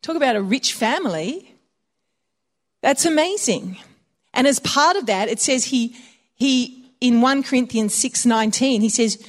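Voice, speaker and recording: A woman's voice: a little high, lively intonation, a little slow. A woman preaching a conversational sermon, telling personal stories and laughing often.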